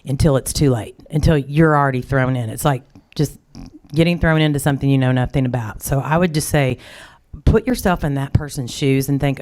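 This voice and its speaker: A woman's voice: a bass voice, a little fast, a little mellow. Rambling storytelling woman from Oklahoma. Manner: rambling, storytelling, acts out quoted greetings. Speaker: audience member at a symposium. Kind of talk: open-forum conference talk.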